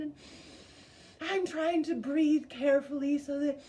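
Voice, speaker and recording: Woman storyteller, high voice, animated, lively swings in pitch and loudness. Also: a little slow, rough recording. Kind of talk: personal story told at a story slam.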